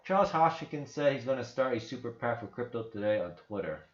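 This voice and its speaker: A man's voice: medium pitch, sing-song, fast. A man hosting a casual livestream with rambling, profane talk full of restarts. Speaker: crypto channel host. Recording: roomy, slightly dull sound.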